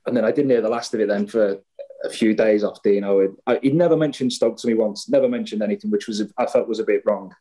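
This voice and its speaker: A man in his thirties telling a lively anecdote in a casual chat, acting out the voices of the people in his story. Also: lowish voice, quick pace, poor audio. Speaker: guest storyteller.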